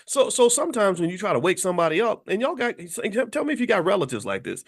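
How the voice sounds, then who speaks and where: A man's voice: high voice, very animated, fast talker, vocal fry, hardly any pauses. A middle-aged man from Kentucky giving a blunt, lecturing casual monologue as a commentator host. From Louisville, Kentucky.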